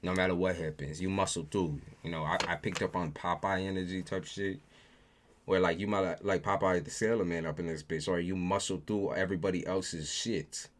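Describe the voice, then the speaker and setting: With slight background noise, a low-voiced man reads tarot on a livestream, talking a little fast in a steady tone. He's casual and profane, repeating phrases to drive his points home.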